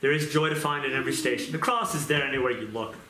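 A man's voice: medium pitch, fast talker, crowd noise. A man preaching a testimony sermon, telling his story earnestly and repeating his points for emphasis. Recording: echoey room with loud noise.

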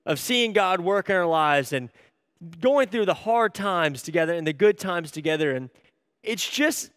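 A man in his thirties giving a sermon as an animated, self-deprecating storyteller. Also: high-pitched, moderate pace, smooth, dry recording, studio quality, in a large hall. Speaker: church staff speaker.

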